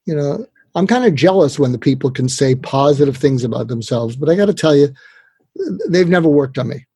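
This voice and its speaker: An older man, a guest expert, giving communication advice in a lively conversational way, acting out quotes as he goes. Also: mid-range voice, a little fast, breathy edge, no echo. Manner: animated, tells tips with acted-out quotes. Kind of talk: conversational interview.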